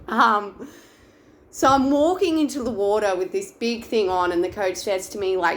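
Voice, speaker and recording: A woman's voice: mid-range voice, animated, normal speed, a bit bright, a little hiss or hum. Chatty woman telling a story. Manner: chatty, many "like" fillers and restarts. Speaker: wellbeing vlogger. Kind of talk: casual personal storytelling.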